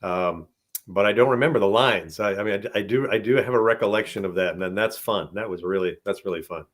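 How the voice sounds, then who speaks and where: A man's voice: lowish voice, quick pace. An older male voice actor answering questions in a casual, rambling way, laughing often. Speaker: voice actor guest. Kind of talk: casual live-stream Q&A.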